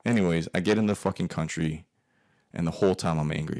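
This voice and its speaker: A man's voice: sits low, fast talker, darkish tone. A man telling a personal story to an audience, emphatic and profane, muttering curses under his breath. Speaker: guest speaker.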